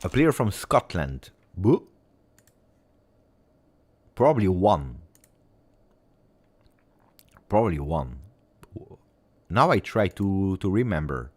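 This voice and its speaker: A man's voice: deep voice, very animated, slow, long pauses. A man hosting a fan channel, chatting casually on a livestream, rambling with fillers and self-corrections.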